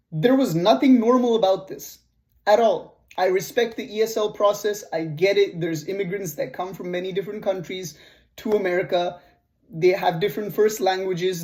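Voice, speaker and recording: A man's voice: high voice, a little mellow. A man with a Canadian accent telling a personal story in a casual vlog, blunt and profane. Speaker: vlogger.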